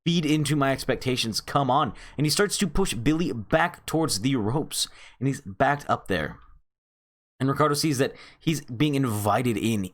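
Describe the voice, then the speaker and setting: A man with a medium-pitched voice recaps a comic chapter casually, retelling the story with animation and addressing his viewers as friends.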